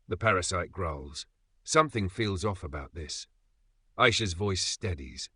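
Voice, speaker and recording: A man's voice: low-pitched, lively intonation, a little slow, sharp tone, slightly rough, no echo, studio quality. A man narrating a comic recap in scripted, dramatic storytelling.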